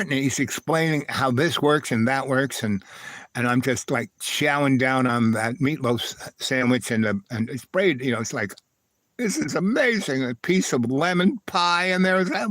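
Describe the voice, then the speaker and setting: A man hosting a live stream, wandering through a personal story at a relaxed, meandering pace with many asides. His pitch sits in an ordinary middle range, and the sound is close and dry with almost no room echo. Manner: digressive, loose, full of "right?" and "anyway".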